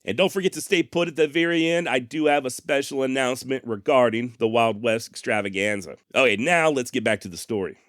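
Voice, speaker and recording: A man's voice: mid-range voice, brisk, hardly any pauses, fairly bright tone, dry recording, studio quality. A man hosting a history podcast, telling the story in a wry, folksy way and often mocking himself. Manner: wry, sarcastic, self-mocking; folksy turns of phrase.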